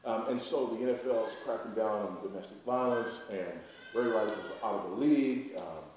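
A man's voice: fairly low pitch, normal speed, darkish tone. A man from the United States preaching a sermon in an emphatic, rhetorical way, repeating his key lines. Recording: very echoey hall, distant mic, faint noise.

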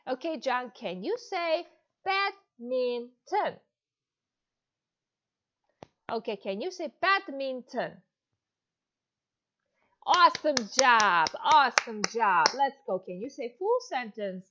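A woman in her thirties teaching English to a young child, drawing each word out slowly and heaping on praise. Her fairly high voice swoops up and down with big energy, and the recording sounds dull and lo-fi. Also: very animated, bright, forceful tone. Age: 30s. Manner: slow, exaggerated, encouraging teacher talk with lots of praise. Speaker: ESL teacher. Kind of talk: demo online lesson for a child.

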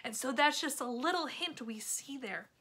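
Woman, children's ministry teacher, high and bright voice, animated and chatty Bible lesson for kids. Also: normal speed, husky.

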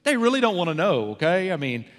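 A man preaching a sermon as pastor, swinging between loud emphasis and hushed, quiet passages. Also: high-pitched, big pitch swings, fast talker. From American South. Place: church sanctuary. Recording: long hall reverb in a church sanctuary.

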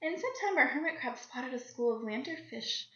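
Bright-voiced woman reading a picture book. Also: high voice, moderate pace. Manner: lively storybook voices, asides to young listeners. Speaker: children's story reader. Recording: lo-fi recording in an echoey room.

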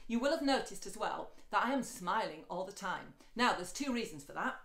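A woman's voice: lively intonation, brisk, a bit bright, echoey room. A woman teaching singing, chatty and encouraging, talking straight to the viewer. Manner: switches between speech and light, high sung lines. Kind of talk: singing lesson with sung demonstrations.

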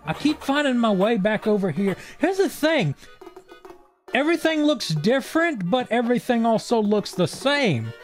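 A young man giving let's-play commentary with a sarcastic, profane wit. His voice sits fairly high and swings lively between deadpan lows and excited peaks. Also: moderate pace, soft background music. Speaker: game streamer.

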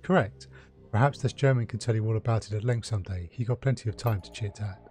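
A man's voice: fairly low pitch, fast, darkish tone, lightly acted. Flamboyant, mocking male elf in a video game, lecturing theatrically, read by a man.

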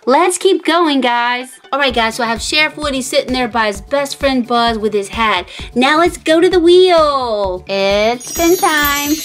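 A woman hosting a toy unboxing channel, talking excitedly to children, gasping and calling the viewers guys. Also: high voice, unhurried, few pauses, soft background music.

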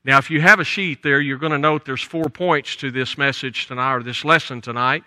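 A man's voice: medium pitch, brisk, no echo. An older man with a Southern US accent preaching a folksy, conversational sermon in church. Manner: folksy, conversational preaching with soft trailing endings. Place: church sanctuary.

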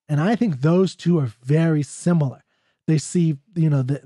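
A man giving an off-the-cuff lecture on a poem, talkative and excited, reading quoted passages aloud between his own comments. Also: fairly high pitch, no room sound, clean studio sound. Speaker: poetry lecturer.

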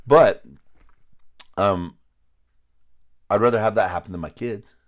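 A man's voice: on the low side, takes it slowly, muffled recording. A man preaching informally to a small group, blunt and confrontational, at times crude, rambling with restarts. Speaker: lay preacher.

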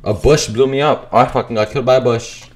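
A young man giving excitable, cursing gameplay commentary as a gaming YouTuber, breaking into shouts and laughter. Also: mid-range voice, brisk, a little hiss or hum.

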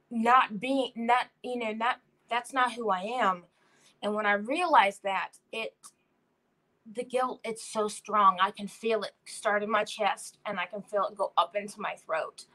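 A young woman speaking as a guest in a slow, heartfelt way about her own feelings. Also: medium pitch, a bit bright, poor audio. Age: young adult. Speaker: guest, daughter. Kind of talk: personal testimony.

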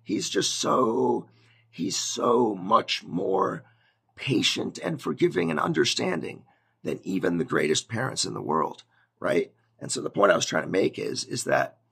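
Gravelly-voiced man preaching casually. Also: on the low side. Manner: conversational, animated, acts out shouted scenes. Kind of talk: casual video sermon.

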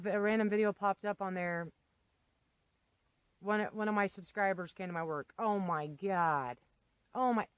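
A woman vlogger rants casually and unscripted to the camera, blunt and rambling, with casual swearing and emphatic asides. Her voice is medium-pitched, and the low-quality recording has no echo.

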